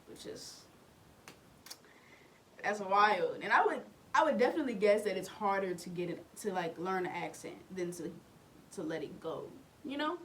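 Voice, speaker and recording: A woman's voice: medium pitch, a little hiss or hum. A young woman from Oklahoma with a Southern US accent, hosting a reaction video in an easygoing, rambling way full of fillers. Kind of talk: casual reaction commentary.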